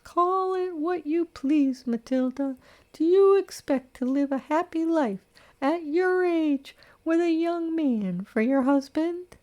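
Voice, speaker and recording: Woman putting on a shrill scandalized older lady. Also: slow, mellow. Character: prim disapproving older woman, bitter friend.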